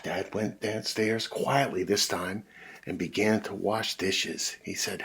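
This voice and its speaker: Brief: husky-voiced man, slow and lively storybook reader for children. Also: fairly low pitch. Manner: animated, big voices and sound effects. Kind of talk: read-aloud storytelling for kids.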